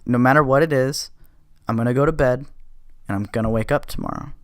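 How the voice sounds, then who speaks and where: A man's voice: mid-range voice, fairly quick, no echo, studio quality. Blunt, profane man telling a story. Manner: profane, blunt, restless retelling with self-corrections. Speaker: podcast host. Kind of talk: casual storytelling.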